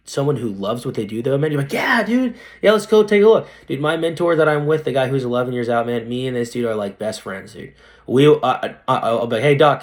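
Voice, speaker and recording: A young man, a dentist guest on a podcast, chatting casually and animatedly, full of slang. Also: medium pitch. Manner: animated, slangy, says dude a lot. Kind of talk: casual interview chat.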